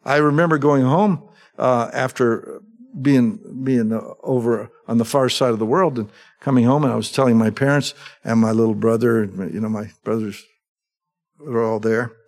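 A man's voice: medium pitch, fairly even intonation, moderate pace, darkish tone. Middle-aged pastor guy preaching, chatty, keeps asking the crowd true? right?. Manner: conversational, asks the congregation for agreement. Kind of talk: sermon.

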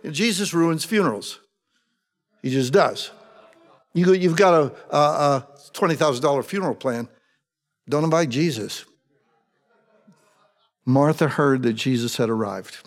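A man's voice: on the high side, big-room sound. A man preaching a conversational sermon, asking his congregation rhetorical questions with a wry sense of humor. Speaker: pastor.

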